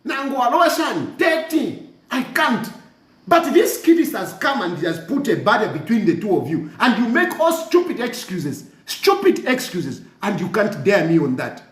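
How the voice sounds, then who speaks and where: A commentator with a Zambian accent launches into a passionate, mocking social media rant, repeating himself, switching languages and laughing with scorn. His high-pitched voice swings widely and sounds a bit bright at normal speed, in an echoey room.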